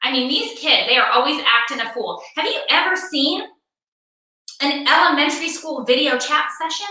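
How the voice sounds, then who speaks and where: A woman's voice: high-pitched, expressive, normal speed, pushed and bright. A middle-aged woman doing a stand-up comedy routine from home, ranting in a sarcastic, exasperated way and repeating words for effect. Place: home room, performing for a virtual show. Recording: very echoey room, far from mic.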